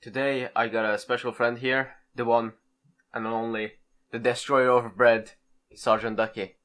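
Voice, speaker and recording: A man's voice: medium pitch, flat delivery, unhurried, a bit bright. A man in his early twenties hosting a casual podcast chat, joking and laughing often. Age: 20s. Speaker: podcast host.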